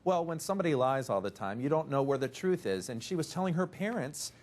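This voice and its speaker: A man's voice: a little high, expressive, fast, darkish tone. A man working as a reporter, talking a case through on a talk show with rambling restarts and quoted asides.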